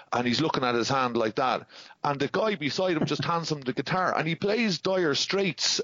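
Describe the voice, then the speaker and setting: A man's voice: on the high side, lively intonation, normal speed, a bit bright, dull audio. A middle-aged Irish man, a podcast guest, telling rambling anecdotes with many restarts in casual chat. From Ireland.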